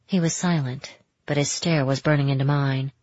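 A woman narrating a first-person romance story in a steady, intimate way. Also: rumbling low, normal speed, no room sound. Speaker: audiobook narrator. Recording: dull, muffled audio.

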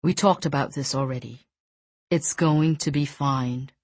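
Woman doing a low calm young guy, soft n slow, reassuring his fiancée. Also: slightly rough, no echo, full character voice.

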